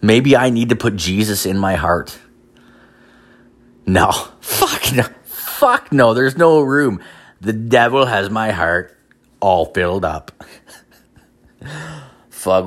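Guy with a lowish voice ranting a foul-mouthed story, young, laughs at his own bits. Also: fairly bright tone. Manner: crude, swearing constantly, laughing at his own jokes. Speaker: podcast host. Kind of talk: profane storytelling monologue.

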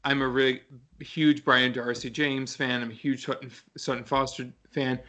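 A young man co-hosting a podcast in casual chat, excitable and chatty, often trailing off mid-sentence. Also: mid-range voice, normal speed. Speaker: podcast co-host.

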